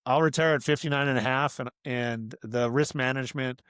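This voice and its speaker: A middle-aged man speaks as a podcast guest in an earnest, meandering way, filling his thoughts with "you know" and "like." His voice is smooth and resonant. The recording is dry and close, with no room echo. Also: mid-range voice, steady tone, brisk, fairly bright tone. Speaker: podcast guest, author and coach. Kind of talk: casual interview conversation.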